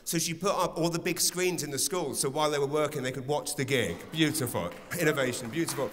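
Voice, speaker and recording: Male stand-up, bright and animated, swears freely, acts out dialogue; theatre reverb, faint crowd. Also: a little high, fast. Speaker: stand-up comedian. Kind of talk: stand-up comedy set. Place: large theatre stage with a live audience.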